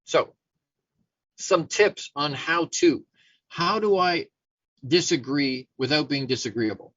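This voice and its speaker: A man's voice: on the high side, slow, no echo, highs cut off. Casual middle-aged male talk host. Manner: casual, rambling, frequent restarts, animated storyteller. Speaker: show host. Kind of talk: conversational self-help talk.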